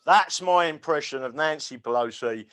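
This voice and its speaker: A man's voice: on the high side, normal speed, fairly bright tone. English male livestream host, rambling joker, stumbles over words, casual chat. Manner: rambling and jokey, stammering with many fillers.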